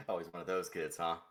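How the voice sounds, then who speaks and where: A man's voice: sits low, fairly bright tone, slight background noise. A man joking casually and narrating during a tabletop game. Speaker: player.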